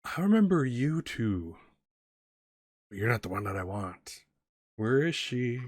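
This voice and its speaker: A man's voice: medium pitch, big pitch swings, unhurried, dry recording, studio quality. A man voicing a scowling, hostile stranger who demands answers in curt questions. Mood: demanding.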